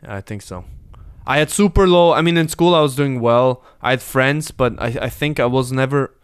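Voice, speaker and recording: A man's voice: medium pitch, moderate pace, smooth, dry recording. A man in his late twenties hosting a casual podcast, talking candidly and reflectively with some hesitation. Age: 20s. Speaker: podcast host. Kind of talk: casual chat.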